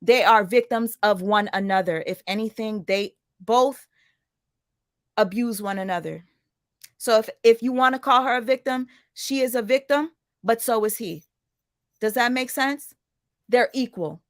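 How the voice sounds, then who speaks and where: A woman's voice: a little high, measured pace, no echo, clean studio sound. A woman chatting casually to her livestream viewers, rambling through asides and greetings to viewers by name. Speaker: livestream commentator.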